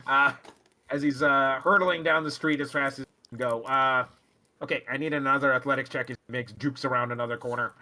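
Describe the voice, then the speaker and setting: A man's voice: medium pitch, fairly even intonation, fairly quick, sharp tone. A man narrating as game master of a tabletop role-playing game, rambling with many fillers and laughs.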